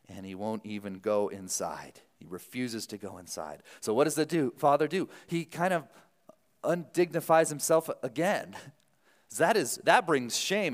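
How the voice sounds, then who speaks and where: A man preaching a sermon as a pastor, telling the story in an animated, lively way with quick asides. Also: mid-range voice, in a large hall.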